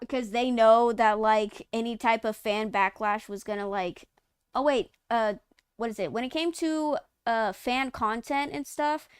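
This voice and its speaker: A woman's voice: a little high, smooth, no room sound, studio quality. A woman co-hosting a live gaming news stream, chatting casually with lots of fillers and restarts. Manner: rambling, many fillers and restarts. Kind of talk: casual chat.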